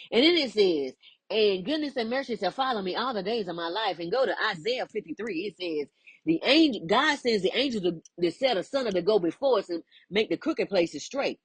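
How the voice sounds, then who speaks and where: A woman giving a lively, inspirational faith talk, playful and quick to laugh, with folksy asides. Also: medium pitch, slightly rough, no room sound. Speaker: spiritual teacher.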